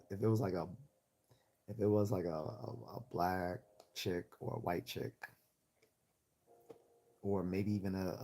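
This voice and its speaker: A man's voice: sits low, warm tone. A man with a Northeastern American accent hosting a livestream, rambling and opinionated as he reads out the chat, often restarting his sentences. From Chicago. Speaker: livestream host reading chat.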